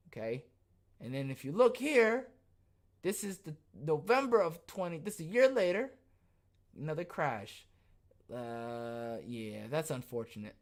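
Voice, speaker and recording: Live on air, a medium-pitched podcast host comments on the news with sarcastic riffs, laughing readily and staying animated throughout the chat.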